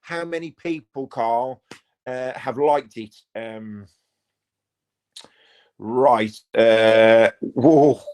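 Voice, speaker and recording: A man's voice: medium pitch, very slow, pauses often, darkish tone, smooth. A man, hosting a live football watch party in a casual, jokey way and reading out viewer comments. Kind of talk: casual live-stream chat.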